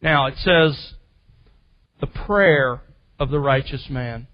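A man preaching a teaching sermon, emphatic and teacherly, slowing down to stress key phrases. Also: medium pitch, muffled recording. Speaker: pastor. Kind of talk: expository sermon.

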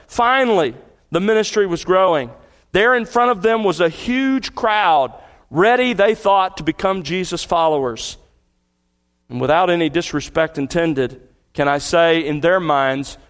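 A middle-aged man preaching an expository sermon. He slows down to stress key words and grows more excited as he builds a scene. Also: high voice. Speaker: pastor.

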